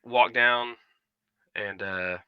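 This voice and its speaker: A man playing a tabletop game, describing his moves in a hesitant, halting way. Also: medium pitch, steady tone, clear, resonant tone, no echo, dull audio. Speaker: player. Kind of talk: casual tabletop play.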